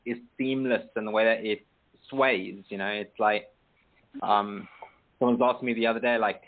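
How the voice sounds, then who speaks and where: A British man hosting an online poetry radio show, chatting casually with many pauses and restarts. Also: on the low side, steady tone. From Britain. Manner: hesitant, many ums and restarts. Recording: tinny phone-like line.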